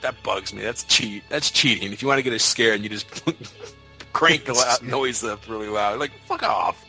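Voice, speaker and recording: A man co-hosting a casual podcast chat, retelling movie scenes in an animated way and swearing freely. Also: medium pitch, normal speed, soft background music. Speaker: podcast co-host.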